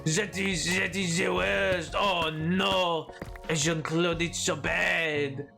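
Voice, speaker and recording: A man's voice: sits high, fairly even intonation, drawn-out words, vocal fry, bright, forceful tone, faint music behind, exaggerated voice. A man voicing a lazy, pompous exiled French emperor in an intentionally bad French accent, mock-dramatic and languid. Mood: mock despair.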